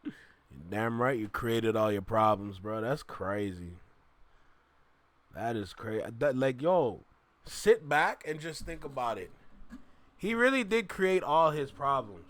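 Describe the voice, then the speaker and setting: A man's voice: mid-range voice, lively intonation, slow pace. A man hosting a reaction video, commenting emphatically and talking to his viewers. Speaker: YouTube reaction host.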